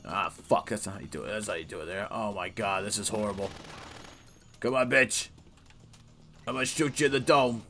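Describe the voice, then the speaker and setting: A man giving casual, profane, excitable commentary while playing a video game. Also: lowish voice, fairly quick, gravelly, long pauses, slight background noise. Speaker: let's play host.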